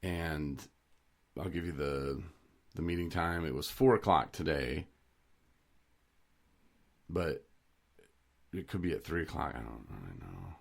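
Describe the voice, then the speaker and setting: A man's voice: extremely low pitch, animated, unhurried, vocal fry, pauses often. A man co-hosting a podcast, chatting casually and rambling through stories with frequent chuckles. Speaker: podcast co-host. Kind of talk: casual chat.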